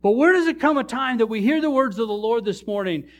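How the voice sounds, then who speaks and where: Animated high-voiced male preacher. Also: quick pace. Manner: animated storytelling preacher, jokes with the congregation. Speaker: pastor. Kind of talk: sermon. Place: church.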